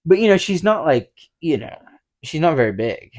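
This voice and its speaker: A man's voice: on the high side, sing-song, normal speed, a little mellow. A man in his twenties co-hosting a casual podcast chat, rambling and swearing often with lots of "like". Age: 20s. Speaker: podcast co-host.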